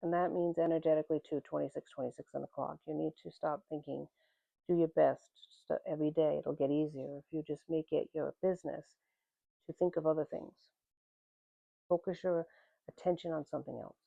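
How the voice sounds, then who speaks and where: A woman's voice: deep voice, steady tone, a little fast, creaky, mellow, dry recording. A woman giving a tarot reading, speaking straight to the viewer in a direct, plain-spoken way and calling them "man" and "honey". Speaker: tarot reader. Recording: tinny phone-like audio.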